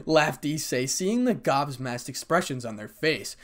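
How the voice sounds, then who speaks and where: Expressive man narrating a story. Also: fairly high pitch, unhurried. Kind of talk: reading a fan fiction story.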